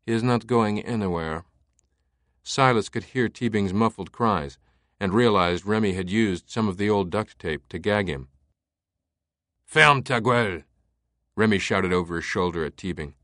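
A man narrating a thriller audiobook in a measured, even way. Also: on the low side, no echo, clean studio sound. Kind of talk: scripted narration.

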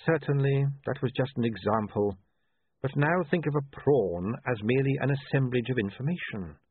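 A man voicing a cool, calculating male ruler who speaks in a precise, measured, dryly sardonic way. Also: mid-range voice, lively intonation, slightly rough, no room sound. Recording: tinny phone-like line.

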